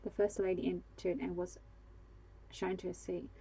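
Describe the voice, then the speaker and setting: A woman reads a bedtime story in a calm, steady voice. Her tone is low and dark, with a gravelly, husky texture and a flat, even melody. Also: moderate pace, rough recording. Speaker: narrator.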